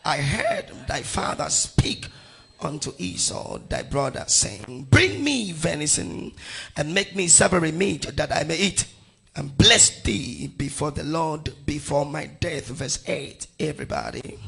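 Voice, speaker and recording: A middle-aged man from Nigeria preaching, reading scripture aloud with his congregation. His voice is gravelly and husky, with bright, forceful edges. He swings widely in pitch, calling out verses and rising to shouts. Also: very animated, unhurried. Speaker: pastor.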